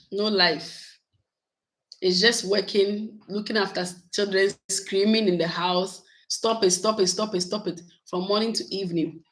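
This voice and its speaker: A woman talks casually to her viewers from home. She is animated and chatty, laughing often as she goes. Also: mid-range voice, rough recording. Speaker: YouTube vlogger. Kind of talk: casual live chat with viewers.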